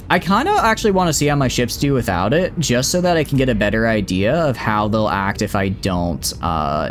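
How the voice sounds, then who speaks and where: Young male streamer, low voice, very animated delivery, rambling game commentary, faint music underneath. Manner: rambling, chatty, talks to his fleet and chat. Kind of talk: live gameplay commentary.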